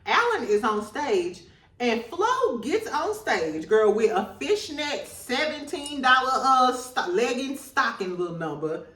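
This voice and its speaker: A woman recapping reality TV in gossipy, slang-filled casual chat, laughing through her lines. Her voice is fairly high and swings up and down. It sounds roomy and echoey, as if she sits a little away from the mic. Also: big pitch swings, measured pace, a bit bright, recorded from a distance.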